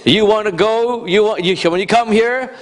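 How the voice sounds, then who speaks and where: A man preaching a sermon, animated and conversational, rising to shouts for emphasis and talking directly to the congregation. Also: high-pitched, moderate pace. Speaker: pastor. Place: church sanctuary. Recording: long reverb of a church hall.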